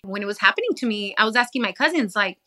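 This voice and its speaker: A woman's voice: medium pitch, lively intonation, rapid-fire, sharp tone. Candid mother in her thirties. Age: 30s. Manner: candid, switches between English and Spanish. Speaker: guest. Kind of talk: casual chat.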